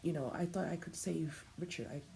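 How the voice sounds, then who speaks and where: A woman's voice: low voice, brisk, gravelly, mellow, a little hiss or hum, low-quality recording. A young woman streaming a game, chatting casually with her viewers and stammering through her thoughts. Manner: stammering, talks to chat. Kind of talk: casual live gameplay commentary.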